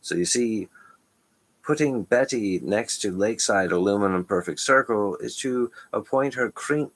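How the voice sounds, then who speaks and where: Low-voiced man rambling to camera. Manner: stream-of-consciousness, restarts, frequent chuckles. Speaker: channel host.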